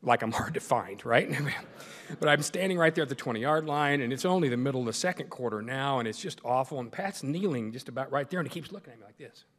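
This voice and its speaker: A man's voice: medium pitch, expressive, fast talker, a bit bright, big-room sound. A man giving a humorous storytelling speech as a guest speaker, full of self-deprecating jokes. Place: large meeting hall.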